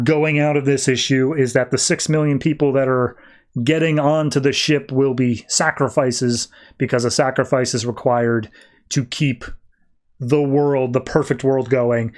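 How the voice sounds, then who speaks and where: A man hosting a comic book podcast, chatty and casual, retelling plots. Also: mid-range voice. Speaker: podcast host.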